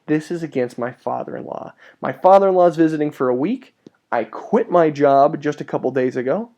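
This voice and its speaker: A man narrating a tabletop wargame battle report in a casual, excitable way, with sudden jumps in pitch and casual swearing.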